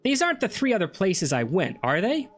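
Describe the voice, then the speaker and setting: A man talking his way through a first playthrough of a game, chatty and full of self-questions. His voice is fairly high for a man and moves up and down a lot. Faint music plays underneath. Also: wildly swooping pitch, a little fast. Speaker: gameplay streamer. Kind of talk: let's play commentary.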